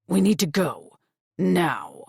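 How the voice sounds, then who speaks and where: A woman voicing a gruff, menacing male wolf shifter warrior with a deep growling rumble, speaking low, clipped and commanding. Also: very animated, slow, darkish tone, dry recording, clean studio sound, heavily acted. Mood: urgent. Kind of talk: audiobook character voice.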